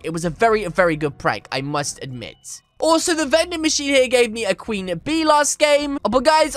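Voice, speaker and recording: A man hosting energetic gameplay commentary, excitable and reading chat aloud, with "flipping" in place of swear words. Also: very high voice. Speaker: gaming channel host.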